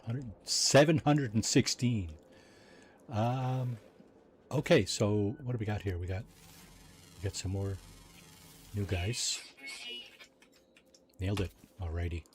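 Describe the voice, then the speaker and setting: A man's voice: on the low side, a little slow, pauses often, a little hiss or hum. A man chatting casually while livestreaming a game, reading chat aloud and joking with his viewers. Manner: chatty, reads chat aloud, jokey asides. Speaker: streamer.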